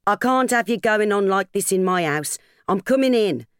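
A woman's voice: mid-range voice, animated, moderate pace, clear, resonant tone, no room sound, clean studio sound, pitched above the performer's own voice, close to an everyday voice. A woman voicing a blunt, plain-spoken working-class landlady in an audiobook. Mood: brisk. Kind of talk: audiobook character voice.

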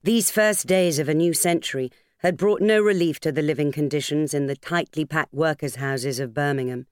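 Woman narrating an audiobook, smooth and dry. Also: low-pitched, no echo. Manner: measured, expressive reading. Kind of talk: scripted narration. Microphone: studio microphone.

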